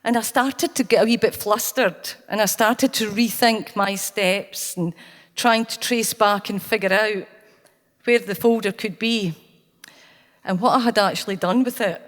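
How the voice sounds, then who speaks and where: A Scottish woman speaking at a conference, telling a personal anecdote with earnest, anecdotal warmth. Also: medium pitch, unhurried. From Scotland. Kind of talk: storytelling keynote talk. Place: conference hall. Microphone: handheld or stage mic, cutting out. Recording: long hall reverb.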